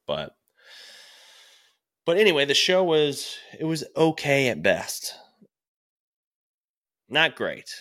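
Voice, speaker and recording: A man's voice: fairly high pitch, wildly swooping pitch, slow, pauses often, fairly bright tone. A man, a stand-up comedian, talking in a casual podcast chat, rambling and swearing freely, with frequent restarts and laughs.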